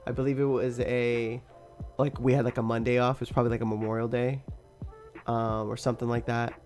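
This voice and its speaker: A man's voice: mid-range voice, flat delivery, fairly quick, darkish tone, faint music behind. Young man rambling through a story. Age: young adult. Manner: rambling, laughs often, swears freely. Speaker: podcast host. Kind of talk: casual storytelling.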